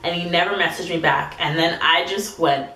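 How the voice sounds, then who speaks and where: A young woman in her twenties tells a story to her camera, chatty and rambling, leaning on "like" and speeding up to read texts aloud. Her voice sits a little low for a woman. The room around her rings with echo. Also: sharp tone. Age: 20s. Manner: chatty, says "like" a lot, reads texts aloud in quick bursts. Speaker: vlogger. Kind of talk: storytime vlog.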